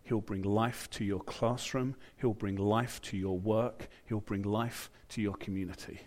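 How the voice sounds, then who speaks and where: A British man with a lowish voice preaches to his church. He keeps it chatty, drops in asides and acts out the lines he quotes. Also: fairly even intonation, a little slow, darkish tone. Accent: British English. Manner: conversational, with asides and acted-out quotes. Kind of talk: sermon.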